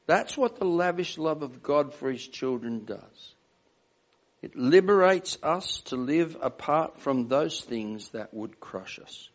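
A man's voice: a little high, lively intonation, slow pace. An older man preaching a sermon in an earnest, emphatic way, often putting questions to the congregation. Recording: dull lo-fi sound.

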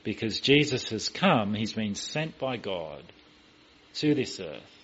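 A man's voice: lowish voice, big pitch swings, slow pace, fairly bright tone, slightly rough, muffled recording. A man preaching a sermon, telling stories emphatically and acting out the quoted voices. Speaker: pastor.

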